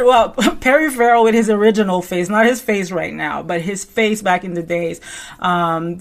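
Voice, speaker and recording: A woman hosting casual commentary, talking in a loose, rambling way full of fillers and asides. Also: fairly low pitch. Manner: rambling and conversational, full of "you know" and "like"; animated storyteller who acts out quotes. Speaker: reality TV commentary host.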